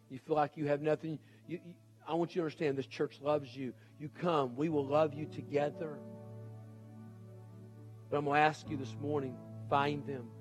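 A middle-aged pastor, his voice a little high, preaches earnestly and pleads with his congregation through repeated urgent appeals.

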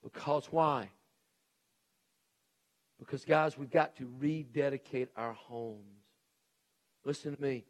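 A middle-aged male pastor preaching a sermon, swinging between shouted emphasis and hushed intensity. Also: mid-range voice, slow pace, pauses often.

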